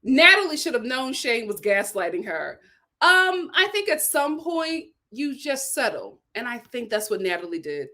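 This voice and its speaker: A young adult woman hosting a casual livestream, reading viewer comments aloud in a chatty, animated way and laughing often. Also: fairly high pitch, normal speed. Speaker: YouTube show host reading super chats.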